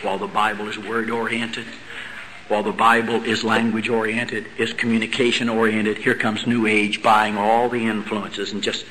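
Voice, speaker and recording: In a rough recording with a slight hiss or hum, a middle-aged man preaches a lecture-like sermon at a convention. His lowish voice sounds pushed and bright as he stresses key words, poses rhetorical questions, and drops dry asides.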